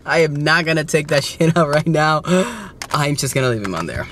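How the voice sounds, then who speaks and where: Male vlogger, casual and animated, fairly high voice, clear noise behind him. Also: normal speed. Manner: animated, swears and laughs, mixes in Spanish words. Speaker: toy-hunting vlogger. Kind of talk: casual vlog.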